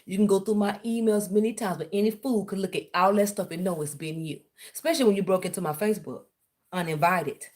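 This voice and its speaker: This woman speaks quickly at a medium pitch, her tone slightly mellow. On her vlog she delivers a confrontational rant, sarcastically accusing someone of spying.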